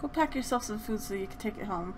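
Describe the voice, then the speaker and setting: A young woman hosting a let's play, chatting through the game in an animated, gushing way with bursts of laughter. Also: mid-range voice, quick pace, background noise. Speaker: gaming channel host.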